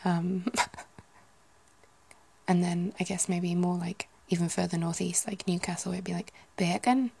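A British woman in whispered ASMR chat, musing aloud softly and rambling. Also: lowish voice, completely flat delivery, unhurried, gravelly, long pauses, husky. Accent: British English.

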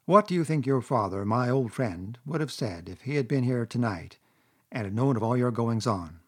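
A man's voice: medium pitch, animated, moderate pace, slightly rough. A man voicing a stern, wise old male badger with a thin, dry voice and a commanding manner. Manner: severe and commanding.

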